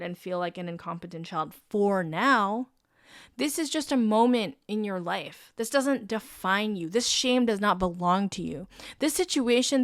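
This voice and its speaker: Young woman career coach, frank and encouraging, casual swearing, mid pitch, dry close-mic sound. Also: no echo. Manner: mimics listeners in quick high voices. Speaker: career coach and podcast host. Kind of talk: casual advice podcast.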